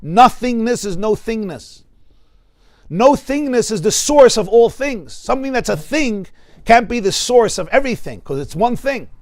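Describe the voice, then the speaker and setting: A man's voice: very high voice, expressive, normal speed, clean studio sound. A man with a New York accent, a rabbi giving a Torah class in a study hall, emphatic and repeating words for stress.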